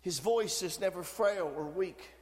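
A man preaching a sermon, moving between quiet teaching and shouted, fervent passages. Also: high voice, unhurried, long reverb tail.

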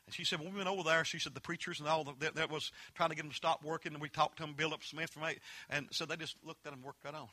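A man preaching a fervent holiness sermon, mixing folksy storytelling with loud emphatic peaks. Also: on the high side, fairly even intonation, rapid-fire, few pauses, dry recording.

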